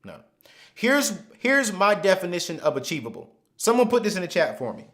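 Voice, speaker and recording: A man hosting a live finance webinar, speaking emphatically and repeating phrases, sometimes dropping to a hushed storytelling voice. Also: high voice, sing-song, normal speed. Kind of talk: live motivational money teaching.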